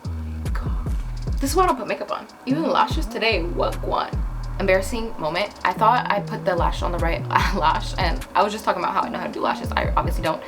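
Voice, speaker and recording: A young woman telling a casual storytime while doing her makeup, chatty and animated, with lots of "like". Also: mid-range voice, brisk. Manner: chatty, heavy use of "like", animated retelling. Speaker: vlogger. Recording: background music.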